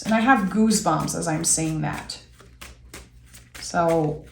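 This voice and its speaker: A woman reads tarot cards slowly and gently, her thoughts unfolding in soft, reflective pauses. Her voice sits at an ordinary middle pitch. An echoey room rings around her. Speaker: tarot reader. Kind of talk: intuitive tarot reading.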